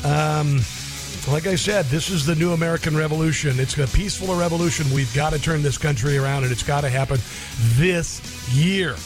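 Male talk radio host, slightly high voice, blunt and indignant, faint music under him. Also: fairly quick. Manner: blunt, indignant, many ums and uhs.

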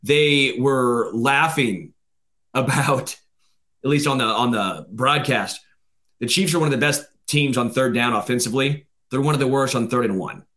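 A male co-host in a casual sports podcast who jokes easily and pushes back when he disagrees. His voice sits at an ordinary middle pitch for a man. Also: normal speed, fairly bright tone. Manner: laid-back, joking, pushes back.

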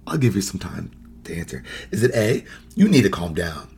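Male podcast host, low husky voice, loose teaching chat with laughs and acted-out lines. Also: big pitch swings, normal speed, darkish tone. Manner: conversational, quizzes listeners, laughs often, acts out quoted phrases. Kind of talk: casual teaching talk.

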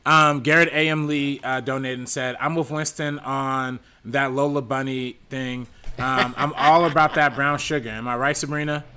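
A man's voice: medium pitch, steady tone, moderate pace, pushed and bright. A man reading viewer donation messages on a casual live-stream panel show, with many ums and easy laughs.

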